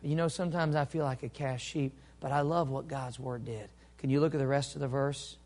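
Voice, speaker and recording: A man preaching a sermon, moving between quiet storytelling and loud, impassioned delivery. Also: mid-range voice, fairly even intonation, a little fast. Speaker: pastor.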